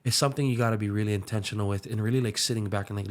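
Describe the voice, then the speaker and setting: A young man with a light lilt telling his story earnestly on a podcast, his voice dropping to a hush when it gets emotional. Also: lowish voice, steady tone, rapid-fire. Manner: earnest, slips into soft hushed tones when emotional. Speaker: musician and aspiring pastor.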